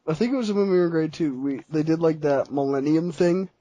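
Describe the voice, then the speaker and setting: A man's voice: fairly high pitch, fairly quick, mellow, dry recording. A young man co-hosting a podcast on a headset, laid-back, laughing often and steering the talk back on topic. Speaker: podcast co-host. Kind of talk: casual chat.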